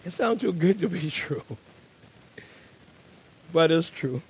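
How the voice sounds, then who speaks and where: A man preaching a sermon. He drops to a hushed, low voice, then builds to loud, emphatic bursts and slows down on key words. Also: expressive, slightly rough.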